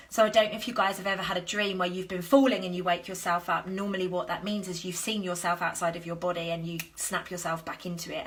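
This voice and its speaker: A woman who works as a health coach, telling a personal story on a live stream in an animated, earnest way and acting out the dialogue. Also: lowish voice. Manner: animated, earnest, acts out dialogue in her stories. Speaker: health coach and business founder.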